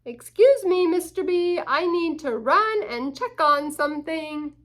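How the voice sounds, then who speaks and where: A woman's voice: very high voice, lively intonation, a little slow, fairly bright tone, voice pushed up, full character voice. A woman voicing a polite, well-mannered female otter in a children's picture book.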